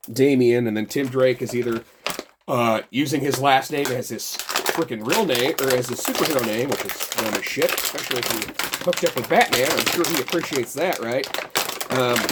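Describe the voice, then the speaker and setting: A man's voice: mid-range voice, noisy background. A middle-aged man hosting a toy review, talking in a rambling, sarcastic and heavily profane way. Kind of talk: casual ranting review.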